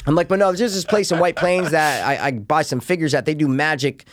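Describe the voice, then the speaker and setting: A man's voice: a little high, fairly quick, no room sound, studio quality. A young man on a podcast telling a rambling, profane story in casual chat, acting out the voices of the people in it. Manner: rambling, swears a lot, acts out quoted voices.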